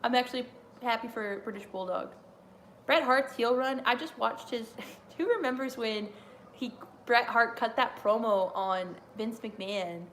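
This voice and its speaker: Woman, casual reaction chat, rambling, laughs a lot, slightly high voice. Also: measured pace, a bit bright, a little hiss or hum. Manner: chatty, rambling, laughs often. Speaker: watch-along host.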